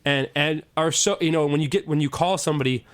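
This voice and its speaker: A soul singer and guitarist, appearing as a guest, chats casually in an interview. His voice sits on the high side and sounds smooth, and he talks fast. He rambles with lots of restarts, fillers and "you know".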